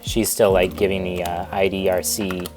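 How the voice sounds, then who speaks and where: Low-voiced young man rambling a storytime. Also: level tone, normal speed, music in the background. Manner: rambling, digressive, self-interrupting. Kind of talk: casual storytime vlog.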